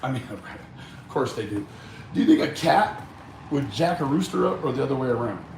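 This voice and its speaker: A man chatting casually with viewers on a livestream, animated and joking, swearing and laughing often. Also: medium pitch, moderate pace, creaky, slight background noise. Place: outdoors in a backyard.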